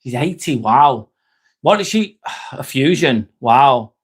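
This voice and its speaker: A man's voice: medium pitch, animated, takes it slowly, husky. A man hosting a casual live stream, joking, laughing often and answering chat comments.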